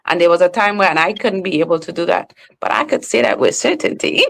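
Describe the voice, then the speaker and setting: A woman's voice: on the low side, expressive, vocal fry. A woman with a Trinidadian accent, a professional speaker talking candidly and emphatically as a podcast guest. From Trinidad and Tobago. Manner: candid and emphatic, slows down on purpose. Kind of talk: casual conversation.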